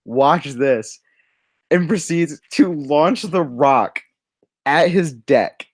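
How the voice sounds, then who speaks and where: A man's voice: a little high, takes it slowly, no echo, studio quality. A young man co-hosting a livestream, telling a rambling story while he draws, often cutting himself off and laughing. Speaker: livestream co-host drawing. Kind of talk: casual storytelling.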